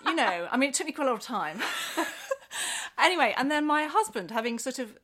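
A woman's voice: high-pitched, fast. A middle-aged woman, an author, chatting casually and telling stories with frequent laughs and restarts. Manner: animated storyteller, laughs often, many restarts. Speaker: author guest. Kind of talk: casual chat.

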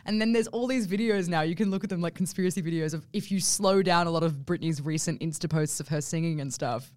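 A woman's voice: lowish voice, fast, darkish tone, dry recording. A woman co-hosting a podcast, chatting with enthusiasm and telling stories. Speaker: podcast co-host. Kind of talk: casual chat.

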